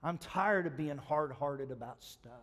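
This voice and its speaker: A male pastor preaching a sermon, moving between quiet storytelling and loud, urgent exhortation and asking the congregation questions. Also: fairly high pitch, unhurried. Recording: long hall reverb.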